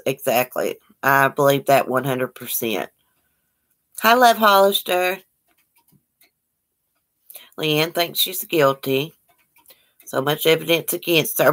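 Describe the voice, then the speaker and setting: A woman with a low-pitched voice that's a bit bright runs a casual livestream. She says hello to viewers by name and chats about their comments.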